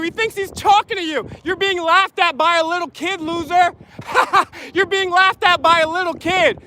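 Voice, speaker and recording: A man filming on his phone outdoors, loudly heckling and taunting officials with repeated insults. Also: extremely high pitch, slight background noise. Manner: mocking, repetitive insults. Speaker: YouTube auditor filming officials. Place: outdoors at a public event. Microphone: handheld phone camera.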